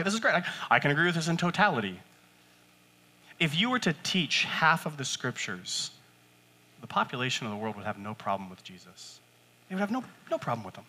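A man preaching a sermon to his church in a conversational way, acting out quotes and jumping up in pitch for emphasis. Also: bright, forceful tone. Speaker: pastor.

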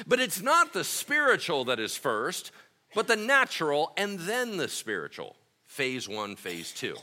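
A male pastor with a fairly high, bright voice preaches in a loose, chatty style. His pitch swings widely as he acts out the scenes he tells. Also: a little slow. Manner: conversational and animated, acting out scenes. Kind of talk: sermon.

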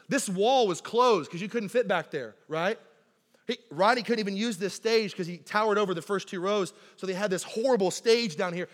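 A man preaching a sermon in a church, telling stories in a lively, conversational way and often asking "right?". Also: high-pitched. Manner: animated conversational storytelling, keeps asking "right?". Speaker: pastor. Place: church sanctuary. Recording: long hall reverb in a church.

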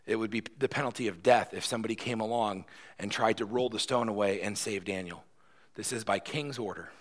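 A man's voice: medium pitch, a bit bright. A male pastor giving a conversational sermon, retelling a story and often checking in with "right?".

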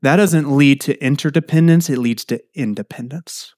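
A man's voice: fairly high pitch, normal speed, a little mellow, no room sound, studio quality. A middle-aged man preaching a sermon in a conversational way, often asking his listeners questions. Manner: conversational, asks the audience questions.

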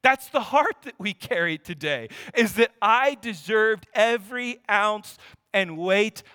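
A man's voice: sits high, expressive, slow pace, pushed and bright, clear, resonant tone, no room sound, big-room sound. A man in his thirties preaching a sermon in an earnest, emphatic, conversational way.

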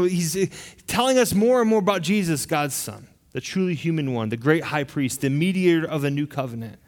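Earnest man preaching in a reverberant hall. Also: high-pitched. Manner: earnest, emphatic, with frequent restarts. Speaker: pastor. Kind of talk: sermon.

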